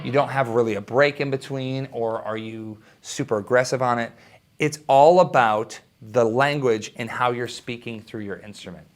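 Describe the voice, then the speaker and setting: Young guy teaching guitar, excited and chatty, mid voice, guitar between lines. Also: mid-range voice, slight background noise. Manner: enthusiastic and conversational, with quick asides. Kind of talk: guitar lesson. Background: electric guitar playing.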